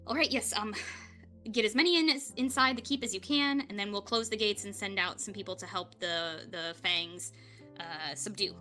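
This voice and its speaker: A woman's voice: mid-range voice, normal speed, soft background music, close to an everyday voice. A woman voicing a fussy old male gnome host who stammers and hedges, then forces cheer. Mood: hurried. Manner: hesitant, flustered, bursts into loud forced cheer.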